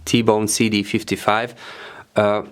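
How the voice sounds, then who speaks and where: A man whose first language is German, casually showing his home studio gear, halting with many fillers and repeats as he searches for English words. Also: on the low side, flat delivery, smooth.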